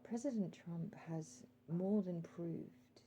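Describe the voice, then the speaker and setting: A woman vlogger speaking earnestly straight to one listener, calling him sir, pausing often with ums and reading out her timer as she goes. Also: on the low side, warm tone, slight background noise, poor audio. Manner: calls out timer readings while talking. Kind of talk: direct-to-camera monologue.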